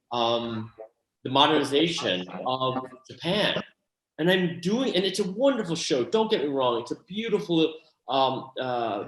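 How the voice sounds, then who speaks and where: A man's voice: medium pitch, a little hiss or hum. Earnest man in an echoey room. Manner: earnest and animated, many restarts and asides. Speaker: actor and playwright, interview guest. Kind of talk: candid interview answers.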